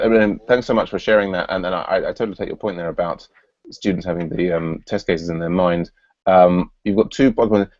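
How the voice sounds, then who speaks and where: A man's voice: deep voice, darkish tone, no echo, dull audio. A man hosting an online work meeting, thinking aloud with frequent restarts and fillers. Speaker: meeting host. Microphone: video call.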